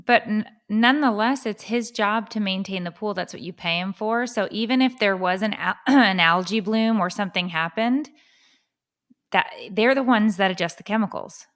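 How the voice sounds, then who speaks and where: A woman's voice: medium pitch, normal speed, fairly bright tone. A woman podcast co-host in casual chat, matter-of-fact and reassuring.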